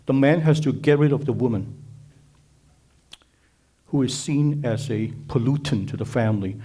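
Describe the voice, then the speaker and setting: A man delivers a sermon in a mellow, warm voice at an ordinary middle pitch. He preaches emphatically, repeating phrases and putting rhetorical questions to his listeners. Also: moderate pace, husky. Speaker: speaker at a conference.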